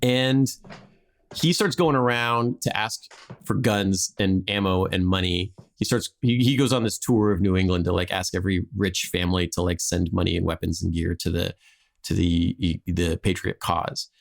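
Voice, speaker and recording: A man's voice: low voice, moderate pace, creaky. A man hosting a podcast, telling a history story in a rambling, casual way with frequent restarts and laughs.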